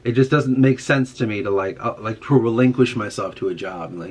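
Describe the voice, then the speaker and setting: A man's voice: medium pitch, animated, fairly quick, few pauses. Profane ranting man. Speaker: podcast host. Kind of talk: casual monologue.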